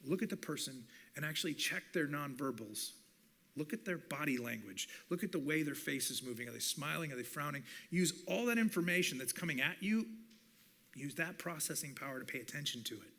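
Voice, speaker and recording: A man who is a communications professor, giving an animated teaching talk at a church and acting out bits of dialogue. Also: a little high, brisk, vocal fry. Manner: animated, acts out quoted dialogue.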